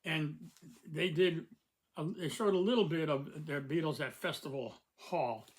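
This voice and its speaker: An older American man hosting a casual review talk. He rambles along with plenty of ums and restarts, his voice sitting a little high for a man. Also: a little slow, low-quality recording. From United States. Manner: rambling, many fillers and restarts. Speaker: host.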